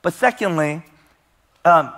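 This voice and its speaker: A male pastor preaching a sermon in a large church, telling a story softly and then raising his voice for emphasis. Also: expressive, slow pace. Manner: storytelling, dropping soft and low for tender moments, rising loud for emphasis. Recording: long church hall reverb.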